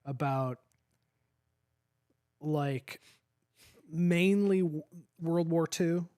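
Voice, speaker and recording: Halting, self-correcting man. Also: fairly high pitch, a little mellow. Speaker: podcast co-host. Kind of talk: casual chat.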